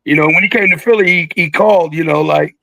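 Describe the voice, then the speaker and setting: Gravelly, high-voiced older man. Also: quick pace, no room sound, rough recording. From Philadelphia. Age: 60s. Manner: animated, jokey, acts out quotes with big voice jumps. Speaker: guest, veteran rapper. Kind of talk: casual storytelling interview.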